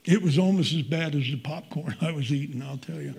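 Older man preaching, husky voice. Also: fairly high pitch, fairly quick, few pauses, darkish tone. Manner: earnest, conversational, folksy asides. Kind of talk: sermon.

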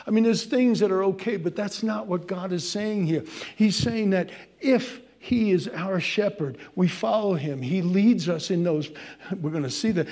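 A man preaching a sermon, swinging from loud emphasis to hushed pleading as he addresses his congregation. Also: sits high, moderate pace. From Irish heritage. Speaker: pastor.

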